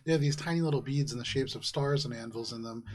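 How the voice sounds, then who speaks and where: A man narrating a fantasy tabletop game as game master, relaxed and chuckling between descriptions. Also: mid-range voice, fast talker. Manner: relaxed, with frequent ums and laughs.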